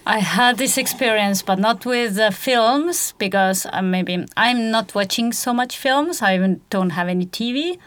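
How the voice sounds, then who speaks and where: Estonian-accented woman, animated storyteller. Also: on the high side, normal speed, hardly any pauses. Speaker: podcast guest, opera singer. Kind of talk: casual chat.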